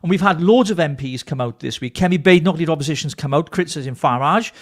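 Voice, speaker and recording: A man's voice: fairly high pitch, fast. A man from Britain co-hosting a political talk show, ranting angrily and swearing. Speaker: co-host.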